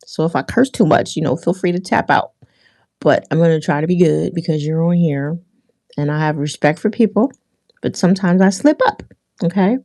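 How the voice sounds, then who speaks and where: A woman with a low, gravelly voice hosts a livestream, chatting with viewers in a loose, rambling way full of fillers and restarts. Her voice is recorded close and dry, with no room echo. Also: moderate pace, warm tone. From Philadelphia area. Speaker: livestream host. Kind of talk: casual livestream chat with viewers.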